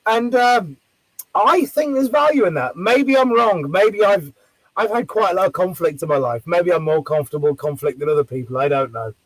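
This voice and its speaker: A man who works as a street performer, telling a story in casual chat, animated and swearing freely. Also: sits high, moderate pace, dry recording, poor audio. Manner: animated, acts out quoted voices loudly.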